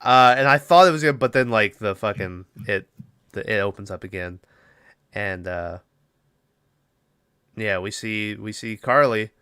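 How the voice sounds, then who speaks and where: A young man on a podcast, recapping a film in a loose, rambling way and swearing freely. His voice is bright and forceful, with a smooth, crisp tone. The sound is dry and close, with no room around it. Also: on the low side, a little slow, pauses often, no echo. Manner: rambling, swears often, lots of fillers. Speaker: podcast co-host. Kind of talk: casual movie recap chat.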